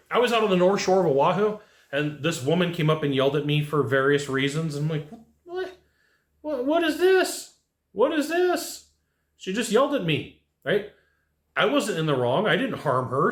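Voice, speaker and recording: A man's voice: fairly high pitch, echoey room. A man giving a casual coaching lesson on sales, acting out little bits of dialogue as he goes. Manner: animated, acts out quoted dialogue. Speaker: sales trainer. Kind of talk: coaching talk to camera.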